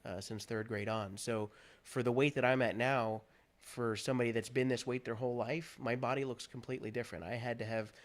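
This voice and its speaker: An earnest man from Pennsylvania speaks candidly as a talk show guest. His voice sits at an ordinary middle pitch. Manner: earnest, candid, animated when moved. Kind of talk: personal story in a talk show interview.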